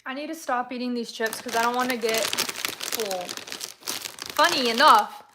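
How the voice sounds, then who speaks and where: A woman's voice: on the high side, unhurried, heavy background noise. A woman from Texas, chatting casually with viewers on a livestream, rambling through stories and laughing often. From San Antonio, Texas, USA.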